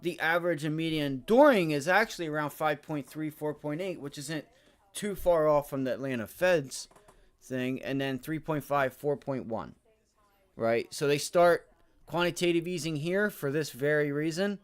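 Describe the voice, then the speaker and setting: A man's voice: on the high side, moderate pace, clear, resonant tone. A man streaming live from his desk, talking through stock charts in a loose, rambling way. He grumbles and swears under his breath when things go wrong, then turns back to explaining to viewers, peppering his talk with "right?" and "my friend". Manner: repeats filler words like right and my friend. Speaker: livestream day trading host. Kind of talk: casual live-stream commentary.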